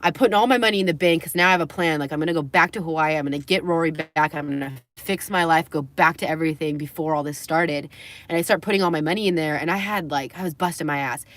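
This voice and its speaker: A woman's voice: low-pitched, quick pace, fairly bright tone, dry recording. A young adult woman livestreaming, telling a personal story in a candid, rambling way, swearing and laughing between phrases.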